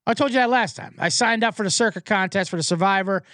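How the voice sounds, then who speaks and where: A man's voice: high voice, fast, no echo, clean studio sound. A man hosting a sports show, rambling through a casual, profane monologue. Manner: rambling and profane, with animated impressions.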